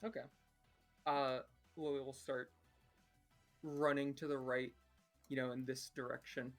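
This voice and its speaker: A man's voice: medium pitch, flat delivery, unhurried, faint music behind. A man playing a tabletop role-playing game, thinking aloud hesitantly with many fillers. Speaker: player. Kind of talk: casual tabletop play.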